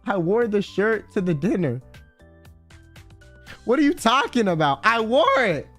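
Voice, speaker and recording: A young male streamer with a notably high voice tells a chaotic story in casual, profane bursts. He loops through "like" and restarts and acts out quoted lines as he goes. Faint music plays underneath. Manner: animated, swearing, quick filler-heavy retelling with acted quotes.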